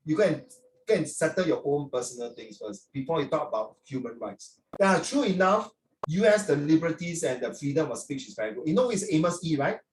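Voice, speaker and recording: An older man with a Singaporean accent lectures his class, chatty and preachy, and his speech is full of local particles. His voice sits a little high for a man. He sounds set back from the mic in a roomy, echoey space. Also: lively intonation, a little fast, slight background noise. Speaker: teacher. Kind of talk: classroom talk to students. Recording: roomy echo, from far off.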